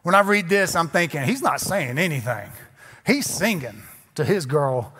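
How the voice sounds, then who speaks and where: Guy pastor giving a sermon, chatty and self-mocking, bit of a high voice. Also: animated, normal speed, bright, forceful tone, slightly rough. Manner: conversational, joking, self-deprecating. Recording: long hall reverb.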